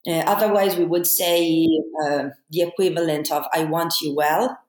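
Woman guest, low-set voice, measured and thoughtful, recorded with a roomy echo. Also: fairly even intonation, a little mellow. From Italy. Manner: measured, thinks aloud with fillers. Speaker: guest academic. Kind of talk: explanatory interview talk. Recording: echoey room.

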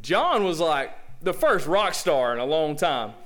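A man's voice: on the high side, very animated, measured pace, fairly bright tone. A man with a Southern accent preaching a sermon as pastor, in a folksy, conversational way full of rhetorical questions.

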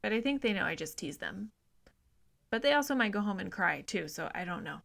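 A woman's voice: medium pitch, big pitch swings, fairly quick, creaky, a bit bright. A woman co-hosting a casual film podcast who speaks bluntly, swears and acts out bits of her own stories. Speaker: podcast co-host. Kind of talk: casual chat about a film.

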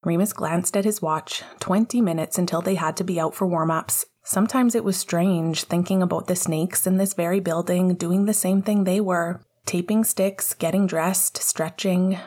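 A woman narrating a fan fiction story aloud in a calm, even storytelling manner. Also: fairly low pitch. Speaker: audiobook narrator.

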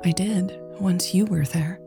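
A woman voicing a playful, teasing young woman in love, speaking softly and often in a breathy whisper. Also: fairly low pitch, normal speed, natural voice. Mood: tender, teasing. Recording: faint music behind.

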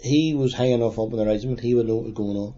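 A man in his sixties with a Derry accent, recalling past events in a halting, plain-spoken way during an oral history interview. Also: medium pitch, mellow. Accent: Northern Irish, Derry. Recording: dull lo-fi recording.

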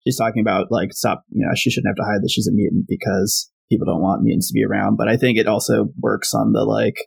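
A man's voice: on the low side, level tone, quick pace, vocal fry, breathy edge, low-quality recording. A man co-hosting a podcast, casually recapping comic book plots with lots of fillers and paraphrased dialogue. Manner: recaps plot with many fillers and quoted paraphrase. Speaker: podcast co-host.

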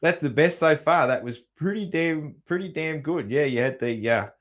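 This Australian podcast host has a voice on the high side and sounds animated, talking at normal speed. His casual interview chat is loose and friendly, with easy laughter and laid-back filler words.

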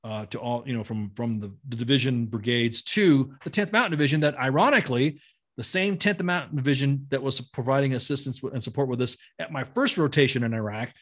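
A man's voice: medium pitch, a little fast. Blunt, profane middle-aged male veteran. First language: not English. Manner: blunt, profane, rambling with many restarts. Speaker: guest, army veteran. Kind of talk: casual storytelling.

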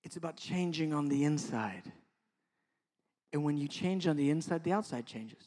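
A middle-aged man preaching a sermon as pastor, impassioned and then soft and intimate by turns. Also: on the high side, animated, moderate pace.

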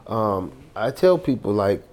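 A man's voice: on the low side, very animated, unhurried, darkish tone. A man from Louisiana telling his life story in an interview with emphatic, preacherly, streetwise delivery. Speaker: guest.

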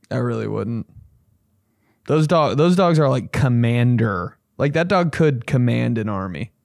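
Gravelly guy ranting about dogs, swearing a lot, dry close mic, gets loud out of nowhere. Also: mid-range voice, dry recording. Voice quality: gravelly, profane, rambling with sudden loud bursts. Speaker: comedian host reacting to listener stories. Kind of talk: loose comedic riffing.

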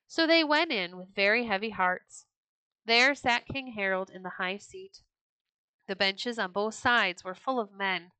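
Bright-voiced woman reading a storybook. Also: mid-range voice, measured pace, smooth, no echo, rough recording. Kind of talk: scripted storybook narration.

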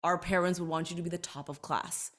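Earnest woman guest, lowish voice. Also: fairly even intonation. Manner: earnest, reflective, quick to emphasize. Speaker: guest, entertainer and author. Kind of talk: podcast interview conversation.

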